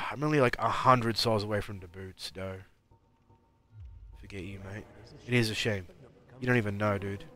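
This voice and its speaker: A man's voice: on the low side, normal speed, long pauses, fairly bright tone. A man giving rambling live commentary while playing a game, mumbling and talking back at the enemies on screen. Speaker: streamer.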